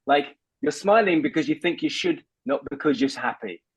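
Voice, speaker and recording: A man who is a voice coach, explaining techniques in an animated, instructive way and laughing often. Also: fairly high pitch, moderate pace, breathy edge, no room sound, low-quality recording. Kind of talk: instructive conversation.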